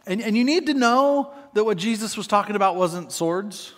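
Pastor, male, high voice, animated sermon delivery in a reverberant sanctuary. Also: normal speed. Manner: animated preaching, acts out scenes. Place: church sanctuary. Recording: long reverb of a church hall.

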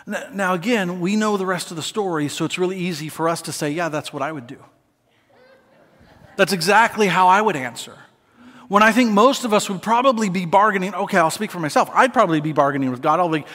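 A man preaching a sermon as pastor, conversational and animated, with playful asides to the congregation. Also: sits high, a little fast. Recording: long hall reverb.

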